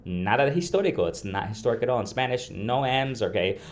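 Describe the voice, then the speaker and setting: A man's voice: medium pitch, expressive, fast talker. A man hosting a casual reaction video, reading out comments in an exasperated way, repeating himself and laughing often. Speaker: boxing commentary video host.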